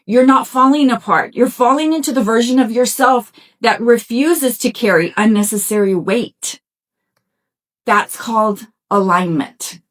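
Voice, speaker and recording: Encouraging middle-aged woman, slightly high voice. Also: measured pace. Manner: encouraging and conversational, talks straight to listeners; folksy, with frequent "y'all" and "right?". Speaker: podcast host. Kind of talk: motivational self-help talk.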